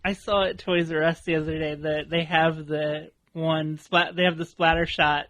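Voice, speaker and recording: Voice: mid-range voice, level tone, a bit bright. Laughing podcast co-host, casual. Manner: laughs often, gives quick tips. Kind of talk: casual chat.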